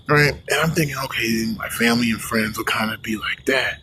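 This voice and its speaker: A man's voice: mid-range voice, steady tone, a little fast, few pauses, pushed and bright, slight background noise, rough recording. Man ranting casually, rambling and profane. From United States. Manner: rambling, profane, many restarts. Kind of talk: casual rant to camera.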